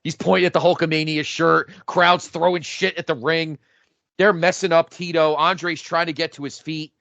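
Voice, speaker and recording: A man talks in excited casual chat, narrating an imagined match like a breathless play-by-play and swearing freely. His voice is bright and forceful and sits a little high. The recording is dry and somewhat dull, like lo-fi home podcast audio. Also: moderate pace, creaky, no room sound. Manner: animated, profane play-by-play storytelling. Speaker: podcast co-host.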